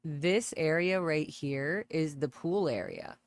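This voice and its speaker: A woman's voice: sits low, animated, slow, no room sound. Middle-aged woman, livestream host; loose, rambling commentary with exclamations. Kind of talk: casual livestream commentary over videos.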